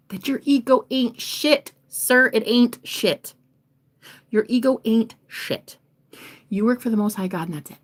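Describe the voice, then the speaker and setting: A woman giving a casual reading to camera, animated and profane, sometimes dropping into a whisper. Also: a little high, measured pace. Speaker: tarot reader.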